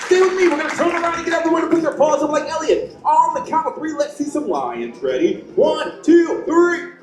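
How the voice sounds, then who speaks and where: A man performing a cocky, playful showman who pumps up the crowd in a very high, wildly swinging voice. He rings out over loudspeakers with echo and music behind. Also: heavily acted. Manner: energetic, hypes the crowd. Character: cocky playful male troupe member. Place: outdoor theme park stage through loudspeakers. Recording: echoey amplified live stage sound.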